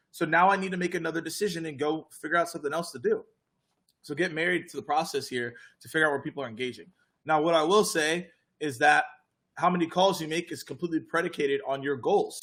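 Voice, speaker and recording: This is a casual live Q&A led by a young man whose voice runs a bit high. He gives viewers sales-call coaching with plenty of energy and no beating around the bush.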